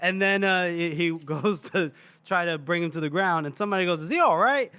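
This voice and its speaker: A man co-hosting a casual book podcast, retelling scenes in an animated way with frequent laughter. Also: high voice, brisk, smooth. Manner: animated storytelling, laughing often. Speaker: podcast co-host. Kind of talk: casual book-discussion chat.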